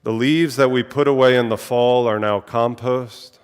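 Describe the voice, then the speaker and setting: A man's voice: medium pitch, steady tone, normal speed, smooth. A man from Virginia, a minister, giving a sermon and spoken prayer, playful with wordplay and then solemn. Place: church sanctuary. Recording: long hall reverb.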